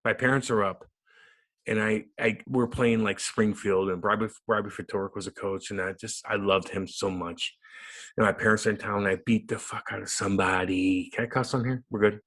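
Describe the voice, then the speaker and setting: A man in his thirties, a podcast guest, telling stories in a lively, profane way and acting out quotes. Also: lowish voice, moderate pace. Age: 30s. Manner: animated, profane, acts out quotes. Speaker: podcast guest, former hockey player. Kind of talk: casual storytelling interview.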